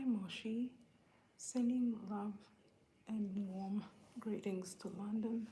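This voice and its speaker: A woman from Uganda hosts a live stream and reads out her viewers' names in a hushed, unhurried voice. Her tone is mellow and dark with some vocal fry, a little higher than average. She sounds low-key and a bit under the weather, with faint background noise. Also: rough recording. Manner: soft, laid-back and low-key. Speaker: livestream host greeting viewers. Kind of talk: whispery live-stream chat.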